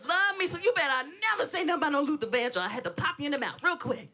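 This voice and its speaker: Brash stand-up woman, out of breath, laughing through her lines, high and bright, AAVE. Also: lively intonation, very fast. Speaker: stand-up comedian. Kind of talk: stand-up comedy set. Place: stage in front of an audience.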